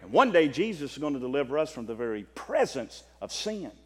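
A husky, medium-pitched man with a Southern US accent preaches a passionate sermon, his pitch swinging widely. He goes from loud, drawn-out declarations to quiet, quick asides, and a long reverb tail trails his words.

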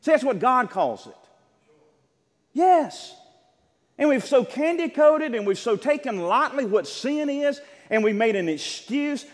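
A man's voice: extremely high pitch, big pitch swings, measured pace, long reverb tail. A man preaching a sermon with impassioned, rhythmic delivery, reading scripture and addressing the congregation.

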